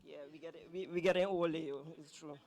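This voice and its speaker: A woman's voice: sits low, steady tone, fairly quick, a little mellow. A woman at a poetry night who gives a hesitant, laughing introduction and then recites her own poem. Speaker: poet performing at an open mic. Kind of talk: poetry reading with a chatty intro.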